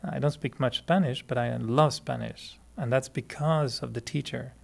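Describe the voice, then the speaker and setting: French canadian guy teaching meditation, gravelly voice, chatty and laughing a lot. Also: mid-range voice, moderate pace. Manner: chatty, laughs often, many restarts and fillers. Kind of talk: relaxed spoken talk to a group.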